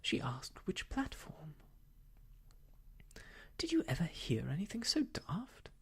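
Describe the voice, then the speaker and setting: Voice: medium pitch, wildly swooping pitch, slow pace, breathy edge, voice pushed up, heavily acted. A whispering storyteller voicing an indignant, gossiping lady, in a whispered role-play. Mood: scornful. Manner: scornful, gossipy.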